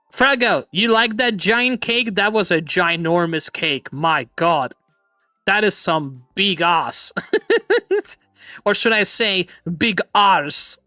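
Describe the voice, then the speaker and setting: A man hosting a casual livestream chat from a home setup on a boom mic, excitable, swearing and laughing often, with an imitation British accent. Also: no echo, studio quality. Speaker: streamer host. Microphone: boom arm microphone.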